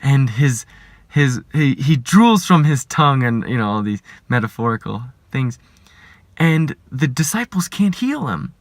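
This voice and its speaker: A man, a life coach, giving a reflective spiritual talk, earnest and measured, asking rhetorical questions and sometimes dropping to a hushed whisper. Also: medium pitch, sing-song, dry recording.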